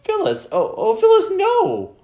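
A man voicing a confused, timid middle-aged father who repeats things back haltingly. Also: huge pitch swings, gravelly, mellow, echoey room, full character voice. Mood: despairing. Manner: halting, confused, squeaky when despairing.

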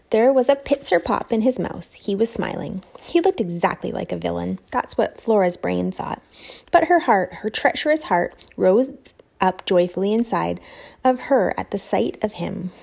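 Brief: woman reading an audiobook, lively pitch, slightly gravelly. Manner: expressive, storytelling. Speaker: narrator. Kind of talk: audiobook narration.

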